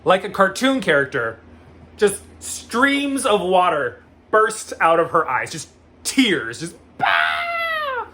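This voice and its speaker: Brief: animated male vlogger, a bit high-pitched, faint room hiss. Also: slow pace. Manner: animated, acts out quoted voices, frequent "like" fillers. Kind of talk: casual storytelling vlog.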